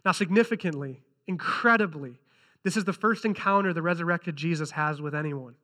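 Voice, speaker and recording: A man's voice: a little high, fairly quick, pushed and bright. A man preaching a sermon who reads scripture aloud and earnestly repeats key lines for emphasis. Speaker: pastor.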